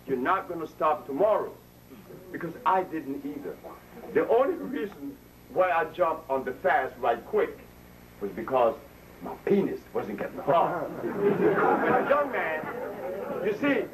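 A man with a fairly high voice talks to a live audience in a swinging, lively tone, spinning stories and acting out the people he quotes. His pitch rises and falls a great deal. He is picked up from some distance, with a faint hiss behind him. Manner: storytelling, laughs at his own jokes, acts out quoted voices. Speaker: speaker addressing a live audience. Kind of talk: informal health talk to an audience. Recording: distant mic with faint noise.

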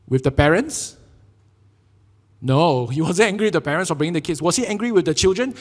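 A young adult man with a Singaporean English accent preaches a sermon in a church. His slightly raised voice carries animated storytelling and keeps turning to the congregation with quick "right?" checks. A long hall reverb trails behind every phrase. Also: fairly high pitch, slightly rough. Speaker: pastor. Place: church sanctuary.

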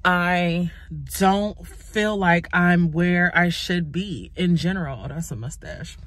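A woman in her twenties, tearful from crying, talking haltingly and candidly into her phone in a confessional vlog. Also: on the low side, dry recording. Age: 20s. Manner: halting, raw and candid, many pauses. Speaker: YouTuber.

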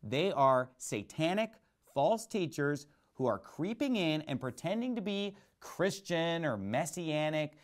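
A man's voice: on the high side, sing-song, unhurried. A male pastor preaching a sermon emphatically, asking and answering rhetorical questions.

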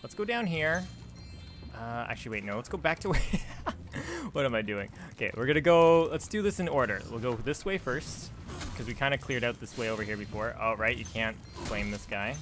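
A man's voice: medium pitch, lively intonation, fairly quick, background noise. A young man commenting casually on his video game playthrough, chatty and easily distracted. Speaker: gameplay streamer. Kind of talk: casual let's-play commentary.

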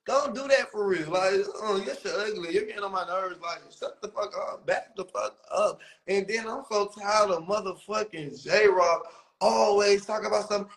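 Young man, high-pitched, profane comedic rant with over-the-top mocking bits. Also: normal speed, fairly bright tone, low-quality recording. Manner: profane, exaggerated ranting, mocking falsetto impressions.

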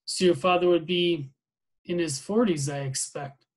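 A man's voice: fairly high pitch, a little slow. A man voicing a nervous young lieutenant who speaks hesitantly and apologetically. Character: nervous young male lieutenant, anxious to please.

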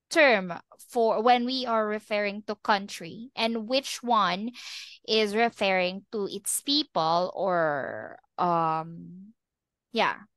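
A woman English teacher giving a slow, patient online lesson over a video call. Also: mid-range voice, fairly bright tone, no echo.

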